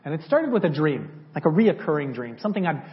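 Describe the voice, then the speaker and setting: A man's voice: a little high, sing-song, fast. A man sharing a personal testimony in a church, telling it conversationally and acting out the dialogue he remembers. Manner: conversational, acts out dialogue from memory. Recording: slightly dull lo-fi audio.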